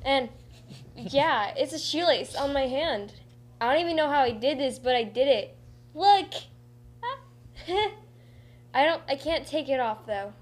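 High-voiced giggly teen girl co-host. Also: normal speed. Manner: teasing, giggly. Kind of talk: playful banter.

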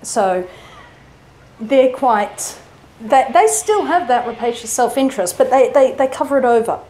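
A woman's voice: sits high, lively intonation, a little slow, warm tone, a little hiss or hum, low-quality recording. A woman from Australia with an educated New South Wales accent, giving a casual talk on literature as a writing teacher, chatty, with many fillers and restarts.

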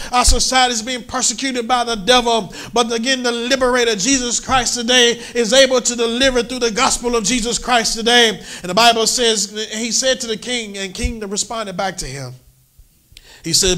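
Male pastor, middle-aged, New York accent, high bright voice, emphatic sermon delivery. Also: fairly even intonation, normal speed. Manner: preaching with rising, emphatic repetition. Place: church sanctuary.

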